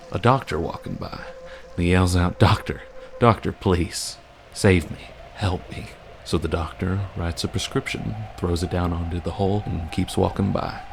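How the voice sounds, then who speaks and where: A man playing a steady young adventurer who calms a friend with a story. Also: sits low, creaky, background noise.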